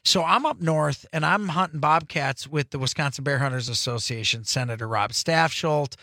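A man's voice: a little high, moderate pace, pushed and bright, dry recording. A man hosting a radio show, telling rambling, jokey stories in casual studio chat.

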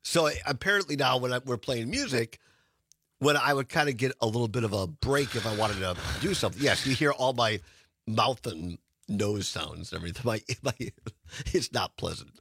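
A man's voice: mid-range voice, normal speed, sharp tone, husky, no echo, clean studio sound. A man hosting a radio talk show, chatting casually and laughing often. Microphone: studio microphone.

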